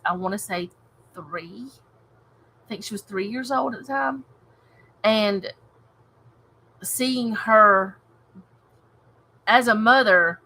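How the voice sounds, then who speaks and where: Lady doing a homey bible study, bright voice, earnest, little laughs here n there. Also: medium pitch, low-quality recording. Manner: earnest, reflective, soft laughs and restarts. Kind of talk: casual home Bible study with scripture reading.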